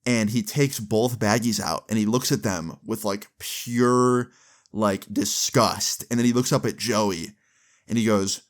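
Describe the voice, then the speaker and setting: A young man tells a story in a loose, rambling way, full of fillers. His voice sits on the low side. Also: fairly even intonation, unhurried. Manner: rambling, lots of "like" and "dude". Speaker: vlogger. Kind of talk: casual storytelling.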